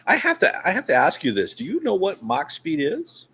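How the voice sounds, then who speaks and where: Playful, teasing man with an animated voice. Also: high-pitched, normal speed, slightly rough. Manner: teasing, playful, apologetic jokester. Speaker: guest co-host. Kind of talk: casual live chat.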